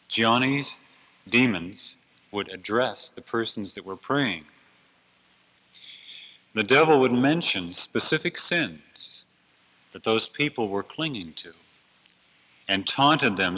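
A low-pitched man delivers an earnest storytelling sermon with a forceful edge. He builds dramatically on key phrases. The recording is dull and lo-fi. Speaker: preacher.

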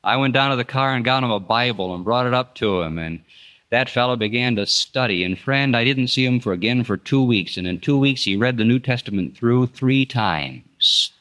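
A man's voice: medium pitch, moderate pace, a bit bright. An older man preaching a storytelling sermon in an earnest, folksy way, rising and dropping for emphasis. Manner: earnest, folksy, rises and drops sharply for emphasis.

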